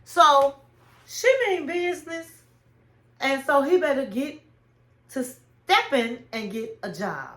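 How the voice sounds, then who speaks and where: A high-pitched woman in casual recap commentary, sounding off with strong opinions about what she saw. She retells each scene by acting out people's lines herself. Her voice bounces around a roomy, echoey space. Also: expressive, slow, pauses often, fairly bright tone. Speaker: reality TV recap host.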